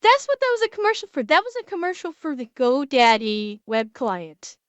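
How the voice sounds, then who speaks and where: Woman streamer, very high voice, lively swings, emotional, swearing, dry lo-fi mic. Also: moderate pace, no room sound. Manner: emotional, exclaiming and swearing, close to tears. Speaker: streamer reacting to videos. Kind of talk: casual reaction commentary.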